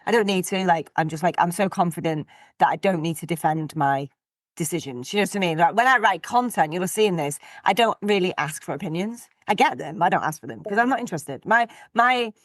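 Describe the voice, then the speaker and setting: A woman's voice: on the low side, brisk, no echo. Middle-aged woman, blunt and direct, chatty guest on a podcast, dry close sound. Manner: blunt, direct, animated storytelling. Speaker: podcast guest, business coach. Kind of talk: casual interview chat.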